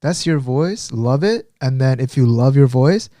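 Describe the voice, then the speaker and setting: A man's voice: mid-range voice, expressive, unhurried, warm tone, no room sound, clean studio sound. A man co-hosting a podcast in casual chat, easygoing and teasing. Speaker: podcast co-host.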